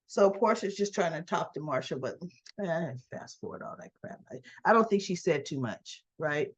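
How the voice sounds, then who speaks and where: A woman giving a casual, chatty recap of a soap opera episode. She often corrects herself mid-sentence and tags her points with a quick "right?". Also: low-pitched, lively intonation, slightly rough.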